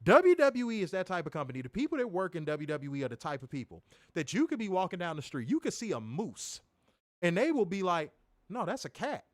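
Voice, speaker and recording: Lively high-voiced ranting man. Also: a little fast, no room sound, clean studio sound. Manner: emphatic, profane, mocking. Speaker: podcast host reviewing wrestling. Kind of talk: casual ranting review.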